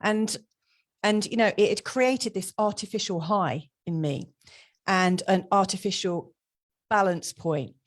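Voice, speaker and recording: A woman guest speaks openly and thoughtfully about her own experience. She talks at an easy pace in a voice of medium pitch. Her tone is relaxed and conversational. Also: unhurried. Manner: open, reflective, laughs easily. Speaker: astrologer and coach, guest. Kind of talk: casual conversation.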